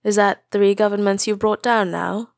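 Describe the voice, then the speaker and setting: A woman voicing a young male hero who is earnest and stunned, at times raising his voice and at times speaking in a hush. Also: medium pitch, steady tone, moderate pace, creaky, no echo, clean studio sound, close to an everyday voice. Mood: incredulous. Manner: earnest, disbelieving, often hushed.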